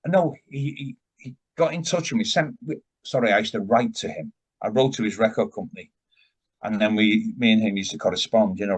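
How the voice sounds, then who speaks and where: In a casual storytelling interview, a husky-voiced older man who sings rock spins long, wandering anecdotes as the guest. His voice sits low, and he keeps restarting and drifting into tangents.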